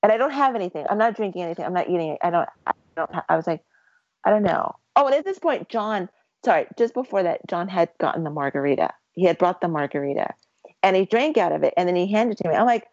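A woman with a fairly low voice rambles through a casual story, restarting sentences and piling on fillers. The sound is dry and slightly muffled. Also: fast talker, no room sound. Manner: rambling, animated retelling with many fillers and restarts.

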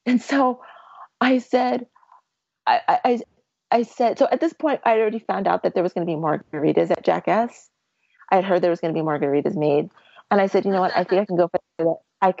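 A woman telling a long personal story about a race as a guest, talking in halting bursts with many restarts and becoming tearful at times. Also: medium pitch, gravelly, darkish tone, no echo. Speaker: ultramarathon runner guest. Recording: dry, dull lo-fi audio.

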